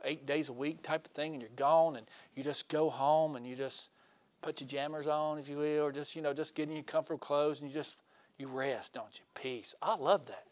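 A man giving a conversational sermon in a folksy way, asking his listeners questions and swinging from loud to hushed. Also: a little high, fairly even intonation, brisk, no room sound. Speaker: preacher.

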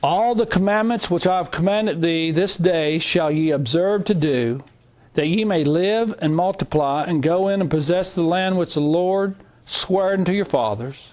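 A man's voice: high voice, moderate pace, darkish tone. A middle-aged man teaching a Bible class, emphatic and repetitive, reading scripture aloud. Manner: emphatic, repeats phrases, reads scripture aloud. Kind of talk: sermon.

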